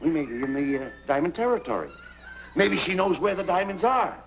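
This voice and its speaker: Gravelly, bossy straight man in an old film comedy, brisk and scolding, on a dull, hissy soundtrack. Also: high voice, very animated. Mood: exasperated. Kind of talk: 1940s film comedy acting. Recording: dull 1940s film soundtrack with faint hiss.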